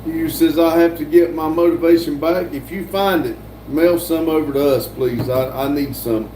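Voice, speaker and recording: Older man, livestream host reading chat; mellow voice, echoey room. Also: a little high, steady tone, moderate pace. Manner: reads chat aloud with frequent fillers and restarts. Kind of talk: casual live-stream chat. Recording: echoey room, voice from a distance, faint hum.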